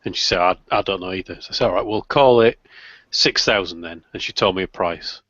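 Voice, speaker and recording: A man's voice: low-pitched, a little fast, a bit bright, dry recording. A British man hosts a casual group chat. He tells stories with a dry sense of humour. His voice sounds close and dry, and the audio is slightly muffled. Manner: chatty, storytelling with dry humour. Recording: dull lo-fi call audio.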